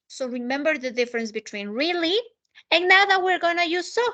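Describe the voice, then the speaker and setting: A woman's voice: high-pitched, expressive, brisk, bright, forceful tone, highs cut off. A woman teaching an English lesson, asking students questions, praising answers and repeating key points. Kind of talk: live online English lesson.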